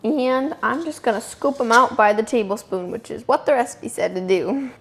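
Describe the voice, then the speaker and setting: On the high side and at a normal speed, a young woman talks through a home baking tutorial. She's casual, chatty, and self-amused, speaking while she works in her kitchen.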